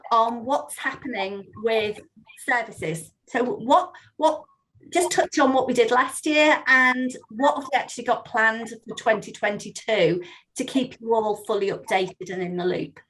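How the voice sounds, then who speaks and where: Woman host, fairly high voice, chatty with ums, video-call audio with faint noise. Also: a bit bright, low-quality recording. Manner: chatty, friendly, with many ums. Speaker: meeting host for volunteers. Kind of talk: online meeting talk.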